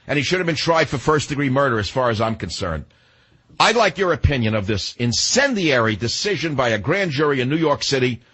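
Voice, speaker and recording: An older man hosts a talk radio show, his husky voice pressing every point. He talks in an emphatic, combative monologue, plainly outraged. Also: mid-range voice, a bit bright.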